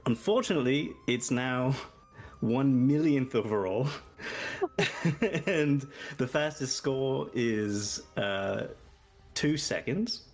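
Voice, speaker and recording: A man's voice: mid-range voice, slow pace, darkish tone, soft background music. A man with a Canadian accent chatting on a podcast, joking at his own expense and laughing often. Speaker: podcast guest. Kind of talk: casual podcast chat.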